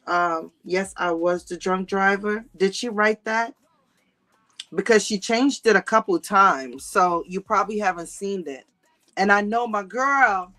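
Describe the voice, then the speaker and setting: Woman streamer, sassy gossip host, laughs a lot, slangy casual chat, mid-pitched voice. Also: a bit bright. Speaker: livestream host reading chat.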